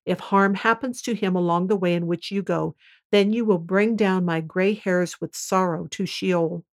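A woman reading the lines of a grieving old father in a scripture reading, in a solemn, measured way. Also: lowish voice, steady tone, close to an everyday voice. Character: grieving old male patriarch, fearful for his son.

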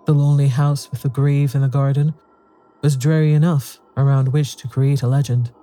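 A man with a very dark, mellow voice reading a ghost story aloud. His telling is measured and even, at a middle pitch for a man. It has the steady feel of scripted storybook narration.

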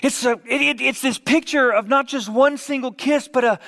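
A man preaching a sermon as vivid storytelling, dropping at times to hushed whispers. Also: very high voice, fairly even intonation, normal speed. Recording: long reverb of a large hall.

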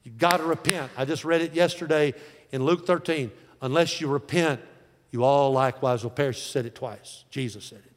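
A man of forty or older preaching a sermon in a folksy way, dropping to soft, slow lines and rising to loud calls. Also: fairly high pitch, in a large hall. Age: 40s or older. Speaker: pastor.

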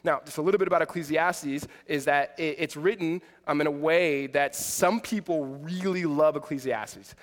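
A man's voice: a little high, normal speed, few pauses. A man in his forties giving a sermon as pastor, conversational and self-deprecating, building to emphatic passages. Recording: long hall reverb.

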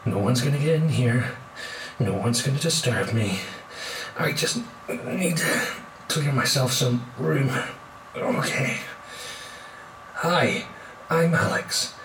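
An actor playing a frustrated young podcaster, exasperated and sarcastic with deadpan asides. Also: male voice, mid-range voice, slow pace, long pauses, a little hiss or hum. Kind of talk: comedy sketch acting.

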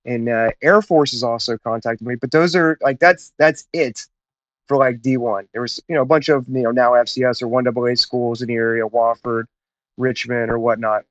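A man's voice: mid-range voice, steady tone, moderate pace. A man from Tennessee with a mid-range voice, casually rambling through stories as a podcast guest. The audio is dull and lo-fi. It is also dry, with no room echo. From Chattanooga, Tennessee, USA. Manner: rambling, laid-back storyteller, says "man" and "whatnot". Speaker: podcast guest, naval officer. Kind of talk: casual interview storytelling.

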